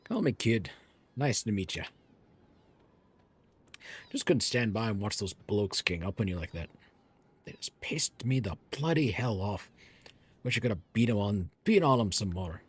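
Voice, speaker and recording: A man's voice: on the low side, big pitch swings, a little slow, pauses often, husky, exaggerated voice. A man voicing a brash young female thief with a put-on Cockney accent and cocky, slangy banter.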